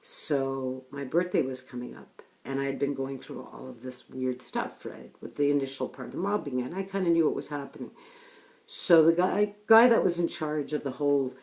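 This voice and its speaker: A woman's voice: a bass voice, normal speed, gravelly, darkish tone. A woman speaking frankly and bluntly about her own experience, with rhetorical asides to the listener. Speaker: speaker sharing personal experience. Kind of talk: candid personal talk.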